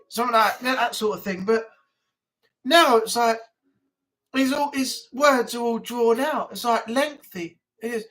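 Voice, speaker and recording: A woman hosting a relaxed live chat stream, talking loosely and rambling with plenty of fillers and asides. Her tone is informal and conversational, and she sounds at ease. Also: fairly high pitch, normal speed, rough recording. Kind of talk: casual chat.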